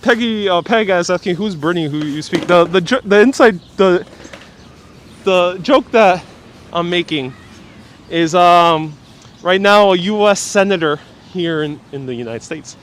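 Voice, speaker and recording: A man hosting a casual walking live stream outdoors on city streets, joking deadpan and reading out viewer comments on a clip-on mic. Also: sits high, measured pace, a little hiss or hum. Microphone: wireless clip-on mic while walking.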